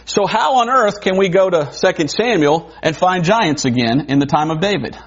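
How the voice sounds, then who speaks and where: A man preaching a sermon in a conversational way, wondering aloud and adding quick asides. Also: sits high, expressive, husky. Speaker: pastor. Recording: dull lo-fi recording.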